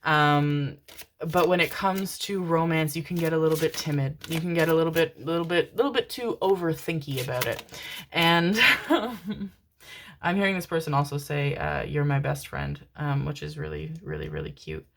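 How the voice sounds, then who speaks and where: A woman reading tarot cards for viewers, speaking gently and affectionately, calling them darlings and babies, with the odd casual swear. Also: low-pitched, expressive, normal speed, creaky, a little hiss or hum. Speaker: tarot card reader. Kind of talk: channeled pick-a-card tarot reading.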